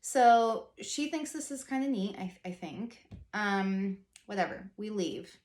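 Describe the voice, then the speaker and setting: A woman's voice: medium pitch, lively intonation, takes it slowly, darkish tone, echoey room. A woman in her thirties telling a personal faith story in a casual, rambling vlog style, full of "like" and earnest asides. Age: 30s. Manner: chatty, rambling, heavy use of "like", earnest. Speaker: faith vlogger.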